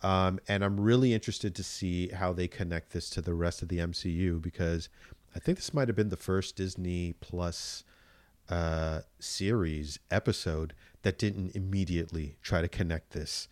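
Deep-voiced man in casual chat. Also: normal speed, dry recording. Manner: animated, swearing, acts out reactions.

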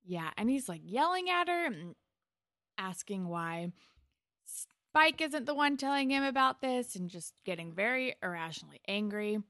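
Bright-voiced young woman retelling plot. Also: medium pitch, big pitch swings, normal speed, no echo, studio quality. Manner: chatty plot retelling, acts out quotes, laughs often. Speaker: podcast co-host. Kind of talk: casual TV recap chat.

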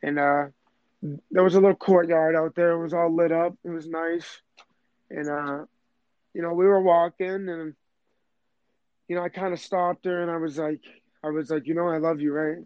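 A young man talks in a rambling, emotional way, circling back with fillers and restarts. His pitch is a touch high but stays flat and even. The recording is dry and dull, like lo-fi sound. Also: normal speed, pauses often, clear, resonant tone, no room sound. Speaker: man telling his proposal story. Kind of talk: casual conversation.

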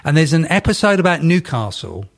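A man hosts a casual football podcast, his voice sitting slightly high for a man. He rambles and keeps restarting his sentences in a halting way. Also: sing-song, creaky.

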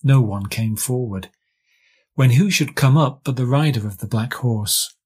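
A man from England reading a fairy tale aloud as scripted narration, with measured storytelling. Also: medium pitch, darkish tone, breathy edge. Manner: measured storytelling, lightly voicing characters. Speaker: audiobook reader.

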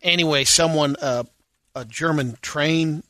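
A man co-hosting a radio show who tells a news story and presents video clips in a relaxed, chatty way. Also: on the high side, a little slow, no room sound, studio quality. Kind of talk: casual radio banter.

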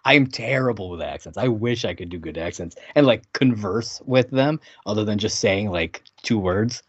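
A man co-hosting a TV recap podcast in casual chat, animated and quick to laugh. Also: on the low side, husky, no echo. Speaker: podcast co-host. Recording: dry, muffled lo-fi audio.

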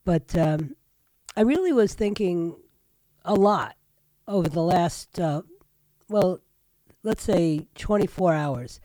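A woman's voice: on the low side, animated, takes it slowly, long pauses, mellow, no room sound. Older female talk host, nasal and congested, rambling chatty delivery, dry booth sound. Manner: rambling, chatty monologue with frequent fillers. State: sick with a stuffy nose. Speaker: radio talk show host. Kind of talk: casual talk radio monologue.

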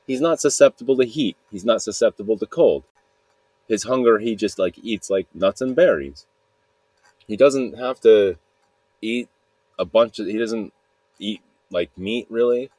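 Low-voiced guy rambling thru a story on his podcast, husky, lots of "like". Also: unhurried, a little mellow, no room sound. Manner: rambling, heavy use of filler "like", restarts. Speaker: podcast host.

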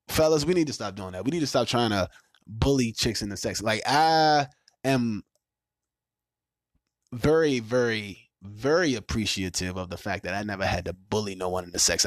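A man in his thirties hosting a casual podcast, talking in profane, animated rants with loud laughs. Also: lowish voice, no room sound, clean studio sound. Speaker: podcast host.

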